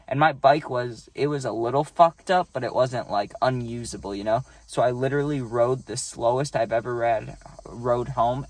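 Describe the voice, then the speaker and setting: A man's voice: medium pitch, no echo. A man telling a personal story in a casual monologue, rambling, swearing freely and tagging his sentences with "like" and "right?".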